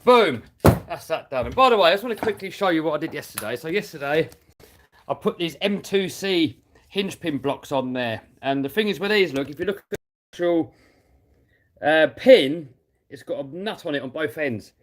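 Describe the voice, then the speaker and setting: A British man talks casually on a live stream, reading out viewer comments while he works on a model car. His voice sits slightly high for a man, and he laughs easily. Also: lively intonation, normal speed. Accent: British English. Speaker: RC hobby YouTuber reading live chat.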